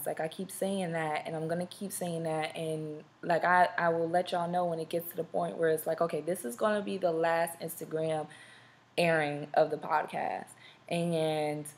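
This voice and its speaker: Young woman from SoCal, live podcast host, slightly low voice, loose rambling chatter full of fillers. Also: creaky. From Southern California. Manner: rambling, many fillers and restarts; chatty, talks straight to viewers. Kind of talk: casual live-stream chat.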